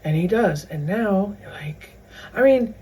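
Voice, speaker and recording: A woman's voice: mid-range voice, lively intonation, unhurried, warm tone, husky, low-quality recording. A woman hosting a faith video series, teaching a Bible story in a conversational way with many asides. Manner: conversational, retells scripture in everyday words with many asides.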